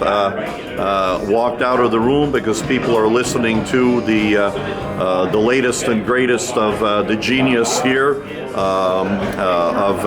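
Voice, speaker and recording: A man working as a roving reporter, interviewing people on an audio trade show floor in a rambling, chummy way with lots of restarts. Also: mid-range voice. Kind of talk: casual on-the-floor interview chat.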